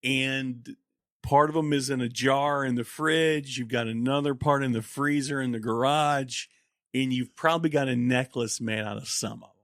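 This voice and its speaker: Oklahoman male co-host, animated and joking, dry close sound. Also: medium pitch, normal speed, no echo. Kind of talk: casual banter.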